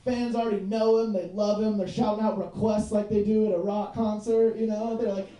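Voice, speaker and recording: A man's voice: sits high, flat delivery, fairly quick, dark tone. A young man performing stand-up comedy in a small club, loose and profane, padding his jokes with fillers like "you know what I mean". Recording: echoey club from a distance.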